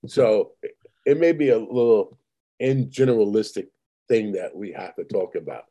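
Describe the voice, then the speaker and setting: A man's voice: on the low side, lively intonation, moderate pace, mellow, husky. A man in casual chat, blunt and profane, speaking matter-of-factly. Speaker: podcast co-host.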